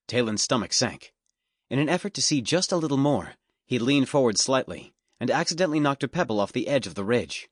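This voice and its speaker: A man narrating a fantasy audiobook in a steady, measured storytelling manner. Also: mid-range voice, dry recording. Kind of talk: scripted narration. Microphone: studio microphone.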